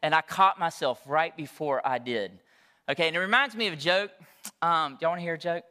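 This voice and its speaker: A man's voice: on the high side, fairly quick, sharp tone, in a large hall. A man, preaching a sermon in a conversational, storytelling way. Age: 40s. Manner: conversational, storytelling with frequent check-ins. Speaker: pastor.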